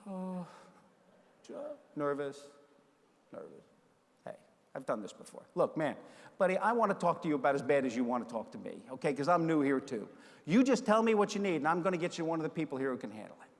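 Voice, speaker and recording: A middle-aged man giving a conference keynote, telling a story and acting out the dialogue with lively energy. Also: fairly high pitch, quick pace. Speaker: keynote speaker. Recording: long hall reverb.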